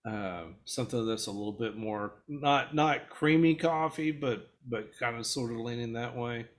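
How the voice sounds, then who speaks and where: Wisecracking man in a casual chat. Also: mid-range voice. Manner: quick wisecracks, laughs a lot. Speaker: podcast co-host.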